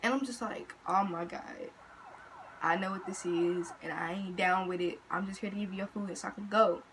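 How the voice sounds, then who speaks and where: A teenage girl telling a story in a casual, slangy, animated way to her vlog audience. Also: medium pitch, normal speed, background noise. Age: teens. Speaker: vlogger.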